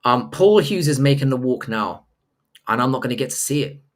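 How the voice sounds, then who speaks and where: A man's voice: mid-range voice, animated, fairly quick. A man hosting a live stream, reading viewer messages aloud and answering with crude, profane jokes. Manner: crude, profane, joking banter with chat. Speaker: livestream host reading chat. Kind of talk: casual live-stream chat.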